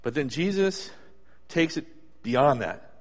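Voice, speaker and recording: A man with a fairly high voice delivers a sermon, chatting with his listeners and acting out little scenes along the way. His voice rings with a long reverb, like a big hall. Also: slow. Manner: conversational, animated storytelling with acted asides. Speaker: preacher.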